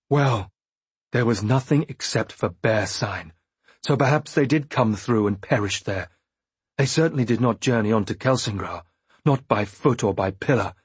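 Husky-voiced male audiobook narrator. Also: lowish voice, no room sound. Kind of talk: first-person fantasy audiobook narration.

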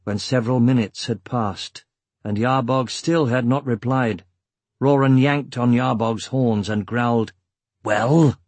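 A man narrating an audiobook with measured, steady storytelling. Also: medium pitch, no echo. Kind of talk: scripted narration.

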